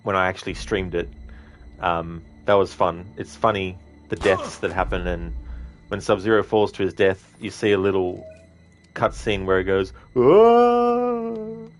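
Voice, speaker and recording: A low-voiced man chats casually while streaming a game, rambling about his memories of other games. Soft music plays underneath. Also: flat delivery, normal speed. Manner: chatty, often repeating game lines in a jokey put-on voice. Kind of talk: casual gameplay commentary.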